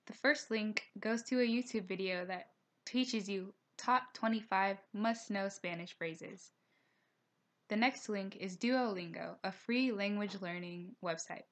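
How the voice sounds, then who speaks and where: A young woman with a voice of middle pitch narrates a recorded slideshow lesson. She reads each slide aloud at a steady pace. She slows down to spell out pronunciation points. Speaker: teacher.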